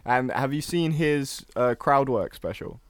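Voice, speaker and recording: A man's voice: mid-range voice, lively intonation, unhurried, dry recording. Sweary young podcast guy. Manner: swears a lot, teasing, rambling. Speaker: podcast co-host. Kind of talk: casual banter.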